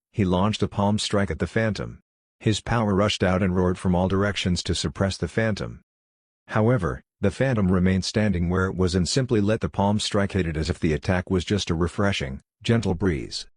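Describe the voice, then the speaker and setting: A man with a deep, low voice reads a fantasy novel aloud at an even pace. The sound is close and dry, with no room around it. He keeps the narration measured and steady. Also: slightly rough, dry recording. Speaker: audiobook narrator. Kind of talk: scripted narration.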